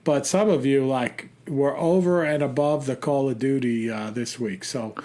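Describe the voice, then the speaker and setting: A man co-hosting a podcast in casual chat, excitable and quick to laugh. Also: mid-range voice. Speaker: podcast co-host.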